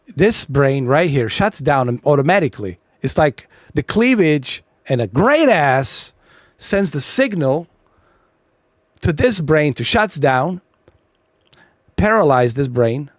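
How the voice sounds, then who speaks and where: A man's voice: a little high, no room sound, clean studio sound. A man hosting a gaming video, ranting casually in a blunt, profane, rambling way with many fillers. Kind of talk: casual rant over gameplay.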